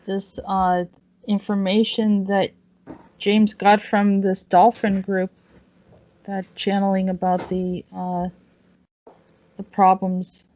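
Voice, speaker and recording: A woman's voice: medium pitch, darkish tone. A woman hosting an online talk show, rambling with plenty of fillers. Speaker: host. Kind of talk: casual online chat. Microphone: video call. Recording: dull, dry video-call audio.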